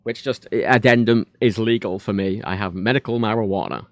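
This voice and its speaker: A British man streams from home, chatting frankly into a desk microphone and rambling with lots of fillers and restarts. His voice sits on the low side and moves fairly quickly. The recording is dry, with clean studio sound.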